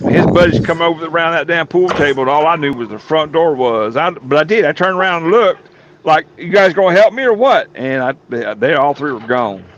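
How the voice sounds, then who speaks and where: Speaking briskly in a slightly bright, higher voice, this man tells rowdy stories as a talk-show guest storyteller, drawling folksily and lacing everything with profanity. The casual tales come through dull, lo-fi audio over a faint hum of room noise.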